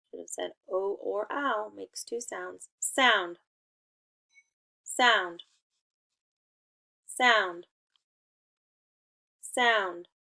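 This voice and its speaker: A young adult woman leads children through a phonics lesson, sounding out words slowly and patiently. Her voice sits at an ordinary middle pitch, and she keeps the pace unhurried and encouraging. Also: gravelly, sharp tone. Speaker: teacher.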